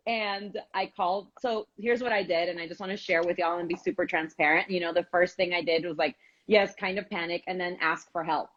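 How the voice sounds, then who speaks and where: A woman co-hosting a casual live stream, telling a candid, animated story with some swearing. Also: lowish voice, fairly quick, muffled recording. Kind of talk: casual chat.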